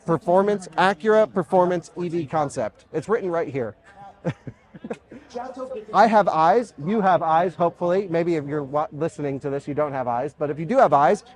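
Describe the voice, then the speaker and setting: A man's voice: on the high side, a little fast, a little mellow. A man hosting a car review, presenting a concept car in a casual, enthusiastic walkaround at an outdoor car show. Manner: enthusiastic, talks with fillers and asides. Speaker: automotive reviewer and host.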